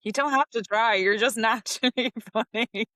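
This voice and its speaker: A woman's voice: on the high side, normal speed, sharp tone, no echo, studio quality. A woman hosting a podcast, chatty and encouraging, asking long rambling questions with lots of fillers. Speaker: podcast host. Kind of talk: casual interview chat.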